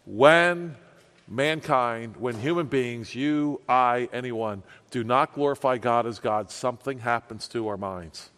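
A man preaching a sermon with passion, swinging from loud outbursts to hushed asides. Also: medium pitch, slow. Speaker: pastor. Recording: long reverb of a church hall.

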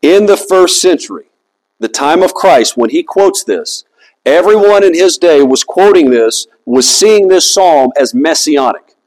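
A man's voice: on the high side, lively intonation, a little slow, a little mellow, low-quality recording. A man preaching a sermon in a conversational, emphatic way, asking his listeners rhetorical questions. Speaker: pastor.

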